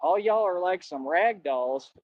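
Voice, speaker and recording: A man's voice: sits high, lively intonation, unhurried, dry recording. A young man, a former bouncer, boasting and ranting in slangy, combative talk on a livestream. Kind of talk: rambling livestream rant. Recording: dull lo-fi dry stream audio.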